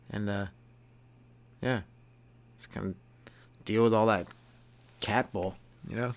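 A man's voice: lowish voice, fairly bright tone. A young man hosting a comedy podcast, rambling through a casual monologue, swearing and laughing at his own jokes.

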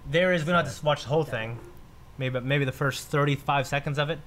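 This man in his thirties co-hosts a casual podcast, telling stories in a group chat with frequent laughter, restarts, and repetition. His voice is a little high and his pace fairly quick, and he comes across as an animated storyteller.

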